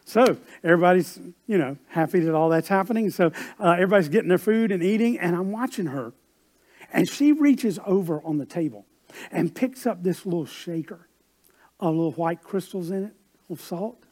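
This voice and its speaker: A man preaching, his voice sitting a little higher than most men's. He talks in a relaxed, conversational way and then drives his points home with emphatic, louder lines. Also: normal speed. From South Carolina. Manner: conversational, building to emphatic peaks. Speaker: pastor. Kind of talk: sermon with storytelling.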